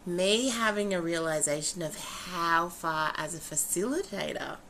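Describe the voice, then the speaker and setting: A woman's voice: fairly low pitch, measured pace, a little hiss or hum. A woman, a podcast co-host and facilitator, chatting casually and acting out quotes as she tells stories. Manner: animated storytelling, acting out quotes with laughs.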